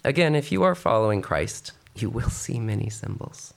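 Gravelly, animated male preacher. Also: fairly low pitch, normal speed. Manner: expressive, reading scripture then exhorting the congregation. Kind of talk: sermon.

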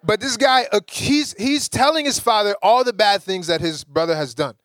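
A young preacher from the Caribbean delivers a sermon with lively energy. He keeps building to emphatic high points. His voice sits a touch high, and the sound is dry and close. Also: normal speed, no echo. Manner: lively, rising to emphatic peaks.

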